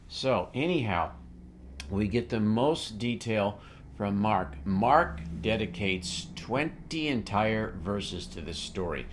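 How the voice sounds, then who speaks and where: A middle-aged man hosting a casual Bible teaching show, animated and jokey, with quick asides and restarts. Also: fairly low pitch, background noise.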